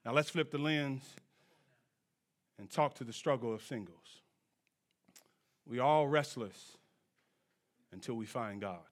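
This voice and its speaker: A man preaching a sermon in church, swinging from low, quiet lines to shouted peaks and drawing answers from the congregation. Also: measured pace, long pauses. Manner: call-and-response with the congregation. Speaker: pastor.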